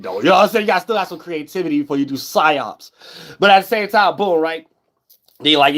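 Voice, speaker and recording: Man, vlogger, casual rant, fairly high voice, repetitive and animated. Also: quick pace. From Ohio, USA. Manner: animated and repetitive, often asks "you know what I'm saying?". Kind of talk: casual ranting commentary.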